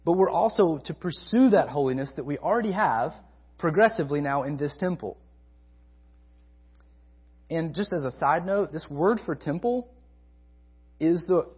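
A man preaching a sermon to a college ministry, emphatic, repeating key phrases and swinging between loud stresses and soft asides. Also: a little high, breathy edge, lo-fi sound.

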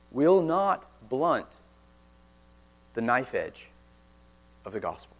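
A man preaching a sermon in church, earnest, pressing hard on key words and then dropping suddenly quiet. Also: medium pitch, very animated, slow pace, pauses often. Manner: earnest, forceful emphasis with sudden quiet drops.

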